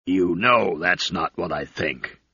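A man's voice: sits low, takes it slowly, bright, forceful tone, breathy edge, dry recording, exaggerated voice. A man voicing a blunt, stubborn male uplifted chimp aide, speaking plainly and firmly. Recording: slightly dull recording.

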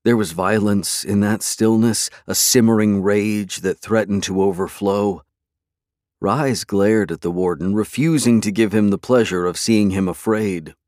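A man giving measured, dramatic scripted narration of a dark fantasy story as an audiobook narrator. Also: lowish voice, steady tone, no echo, studio quality.

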